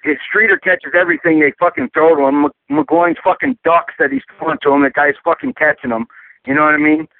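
A man's voice: a little high, very animated, gravelly, no room sound. Male fan caller, angry and profane, dry tinny phone sound. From New York. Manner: angry, profane, rapid venting.

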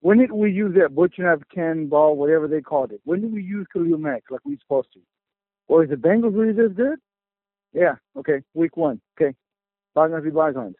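A man's voice: a little high, lively intonation, no echo. A man calling in to a fan show to vent his fury, swearing constantly as he rants. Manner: furious, profane, fast venting. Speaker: caller. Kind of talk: angry call-in rant. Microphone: phone. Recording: tinny phone line.

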